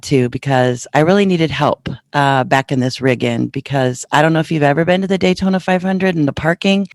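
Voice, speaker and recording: A woman's voice: extremely low pitch, gravelly. A woman podcast host casually telling a personal story in a chatty way, acting out what others said to her. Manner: chatty, retells conversations with lively quoted voices.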